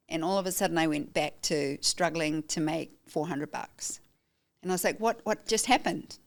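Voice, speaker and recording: A woman's voice: low-pitched, creaky. A middle-aged woman, a guest on a podcast interview, telling her story emphatically and acting out what she said to people. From New Zealand. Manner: emphatic, animated storytelling with acted-out quotes. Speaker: guest, photographer and educator.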